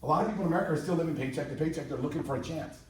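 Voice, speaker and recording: A man in his fifties giving an energetic, repetitive motivational sales presentation to a live audience in a large room, rallying the crowd. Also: a little high, very fast. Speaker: company presenter. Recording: very echoey hall, mic far off.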